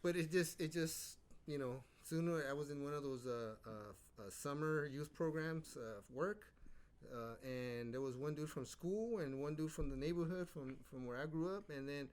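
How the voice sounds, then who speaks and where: A man with a somewhat high voice tells a story in a casual, amused way. He laughs his way through it and keeps the tone light. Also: moderate pace, clean tone.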